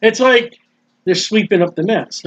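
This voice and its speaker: A male preacher giving a lively, jokey sermon and acting out scenes, on a dull lo-fi recording. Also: high voice, measured pace. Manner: animated, jokey, acts out scenes. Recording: dull lo-fi sound.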